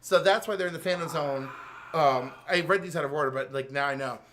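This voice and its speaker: A man's voice: a little fast, slight background noise. An American man co-hosting a show, animatedly recapping comics in casual chat and acting out character lines. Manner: animated storyteller, acts out character lines with big pitch jumps. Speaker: co-host.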